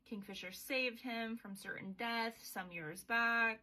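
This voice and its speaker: A woman's voice: fairly high pitch, fairly even intonation, takes it slowly, sharp tone. A young woman hosting a podcast, recapping a book in a chatty, sweary way with sarcastic asides. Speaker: podcast host.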